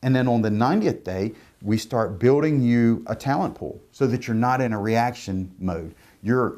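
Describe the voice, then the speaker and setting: A man's voice: medium pitch, moderate pace, few pauses, darkish tone. A man telling a heartfelt story about hiring while promoting his recruiting firm. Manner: earnest, storytelling, repeats words. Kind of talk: promotional talk to camera.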